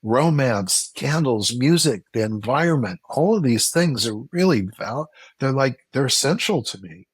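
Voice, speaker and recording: A man as a relationship expert in a casual interview, explaining at length and acting out quoted reactions with sudden jumps up in pitch. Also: a little slow, hardly any pauses, breathy edge, no room sound. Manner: animated, acts out quoted reactions with a jump in pitch; explanatory, repeats points for emphasis.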